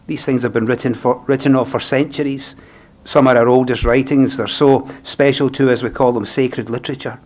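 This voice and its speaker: A man with a Scottish accent, a funeral celebrant speaking a eulogy in a gentle, reflective, unhurried way. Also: medium pitch, fairly even intonation.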